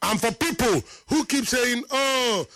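Emphatic man, high voice. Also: expressive, fairly bright tone, husky, dry recording, clean studio sound. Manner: emphatic, repeats points for effect, drops to low slow tones. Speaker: football talk show host. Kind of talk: live football debate and reading viewer comments.

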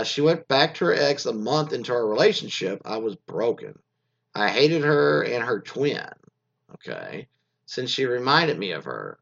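A man's voice: mid-range voice, vocal fry, highs cut off. A man hosting a casual podcast, reading out listener stories and rambling about them in a crude, meandering way full of fillers and restarts.

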